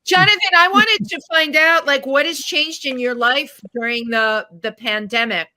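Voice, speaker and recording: A woman's voice: high-pitched, moderate pace, sharp tone, no echo. A woman hosting a casual interview, asking friendly, encouraging questions. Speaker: host.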